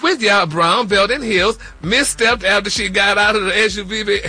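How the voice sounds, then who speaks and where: A man's voice: high-pitched, normal speed, pushed and bright, husky. A man hosting a celebrity gossip segment on the radio, sassy and full of "honey" and "y'all". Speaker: celebrity news host.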